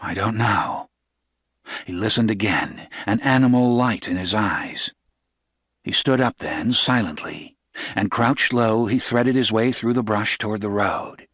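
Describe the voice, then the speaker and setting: A man narrating a novel as an audiobook, in a steady, even storytelling voice. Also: lowish voice, unhurried, dry recording, studio quality.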